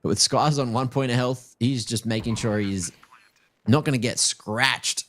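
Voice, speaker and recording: A man's voice: medium pitch, unhurried, a bit bright. A man casting a live esports match with play-by-play and playful, teasing asides. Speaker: esports caster.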